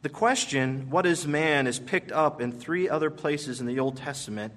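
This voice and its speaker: A man as pastor, delivering a sermon in an emphatic storytelling manner with measured pauses. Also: on the high side, a bit bright.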